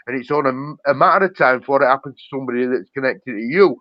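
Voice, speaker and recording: A man hosting a livestream rants angrily, swearing and repeating himself, in a mid-range voice at a very fast clip. The sound is dull, lo-fi and dry, with no room sound.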